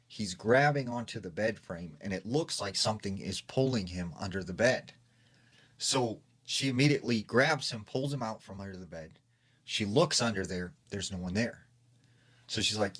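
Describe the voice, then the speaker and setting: Low-voiced man casually retelling a ghost story. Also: fairly bright tone, slightly rough. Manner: chatty and conversational, full of "like" and quoted dialogue.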